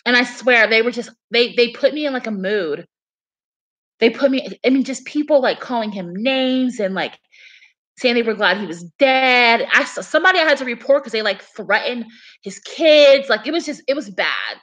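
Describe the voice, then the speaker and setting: Woman, high voice, young adult, casual livestream chat, rambling, lots of fillers. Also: animated, normal speed, fairly bright tone. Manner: rambling, filler-heavy storytelling. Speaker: livestream host.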